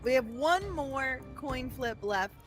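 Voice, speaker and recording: A woman running a tabletop game, animated and quick to laugh. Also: high voice, soft background music. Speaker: game master.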